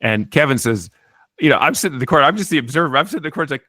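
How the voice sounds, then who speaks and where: A man being interviewed as an author, telling a story in an animated way and often restarting his sentences. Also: medium pitch, very fast, no echo. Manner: animated, acts out quotes, frequent restarts. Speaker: author and guest.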